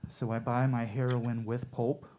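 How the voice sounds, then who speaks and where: Deadpan man doing stand-up one-liners. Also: medium pitch, measured pace, heavy background noise. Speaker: open mic comedian. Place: coffee shop open mic.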